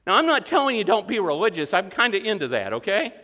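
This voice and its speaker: High-voiced, bright preaching man. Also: sing-song, fast, big-room sound. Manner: earnest, builds to emphatic peaks, acts out inner voices. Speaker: pastor. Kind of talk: sermon.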